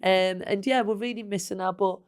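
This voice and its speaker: A woman's voice: medium pitch, fairly even intonation, fairly quick, smooth. A woman in her thirties with a Northeast English accent, hosting a podcast in a playful, teasing casual chat. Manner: playful, teasing, laughs often. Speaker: podcast host.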